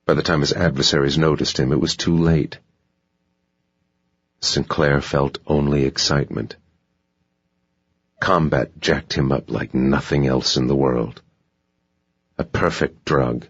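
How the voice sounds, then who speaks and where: A man narrating an audiobook in a slow, measured delivery. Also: very deep voice, fairly even intonation, husky, no room sound. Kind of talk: scripted narration. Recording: dull dry audiobook recording.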